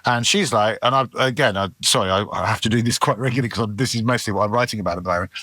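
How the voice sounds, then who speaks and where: A man's voice: lowish voice, rapid-fire, bright, forceful tone, no echo. A middle-aged man, a comedian guesting on a podcast, telling rambling anecdotes with lots of restarts and acted-out asides. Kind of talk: casual chat, anecdotal storytelling.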